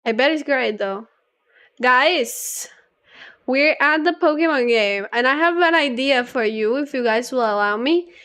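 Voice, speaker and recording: Woman streamer, high voice, slow easy chatter, giggly. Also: expressive, a bit bright, clean tone. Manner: chatty, giggly, reads aloud to chat. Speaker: livestreamer. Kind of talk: casual gaming stream chat.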